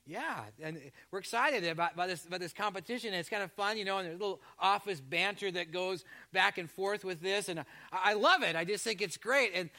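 A Canadian pastor preaches a sermon to his congregation during a church service, chatting and joking as he teases them. His voice sits high, pushed and bright, moving fairly quickly with hardly any pauses.

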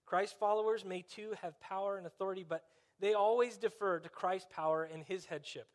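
A man's voice: high voice, fairly even intonation, a little fast. A man preaching a conversational sermon, dropping in wry, sarcastic asides.

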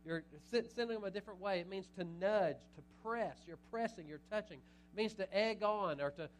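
A middle-aged pastor preaching a sermon, animated, moving between loud urging and quiet asides. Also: male voice, high-pitched, brisk, slight background noise, poor audio.

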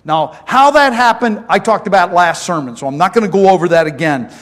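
High-voiced folksy preacher in a reverberant hall. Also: male voice, animated, fairly quick, a bit bright. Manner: folksy storytelling preacher, asks the congregation questions. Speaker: pastor. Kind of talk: sermon. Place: church sanctuary.

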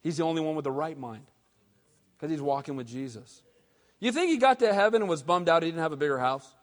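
A man preaching a sermon as pastor, animated and conversational, with casual slang. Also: fairly high pitch, quick pace. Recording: long hall reverb.

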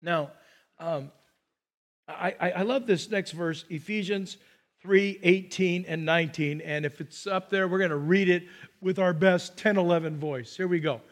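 An older man, a pastor, preaching a sermon in a church and telling stories in an animated way. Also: high-pitched, measured pace. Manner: animated storytelling, acts out scenes.

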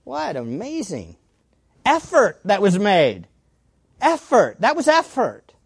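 A woman's voice: mid-range voice, huge pitch swings, slow, husky, dry recording. Emphatic woman preaching a sermon. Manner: emphatic, repeats key words, asks the congregation questions.

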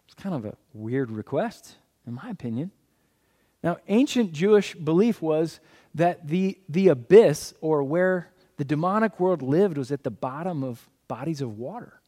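A man preaching a sermon as a guest pastor. He is animated, asks the audience questions and answers them himself, and jokes in passing. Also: a little high, measured pace.

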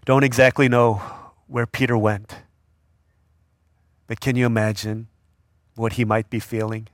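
A man's voice: mid-range voice, measured pace, no room sound, studio quality. A man preaching a casual sermon, telling the story with slang and acting out the people in it. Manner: animated storyteller acting out voices. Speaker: youth pastor.

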